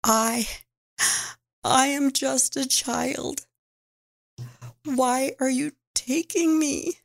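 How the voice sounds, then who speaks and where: A woman speaking as a frightened six-year-old girl taken from home, halting and pleading, at times whispering. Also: high-pitched, vocal fry, exaggerated voice.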